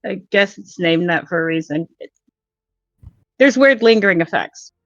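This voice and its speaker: A woman's voice: fairly low pitch, animated, normal speed, no echo. Chatty woman player, lo-fi sound. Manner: chatty, rambling, with many fillers. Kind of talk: casual tabletop play.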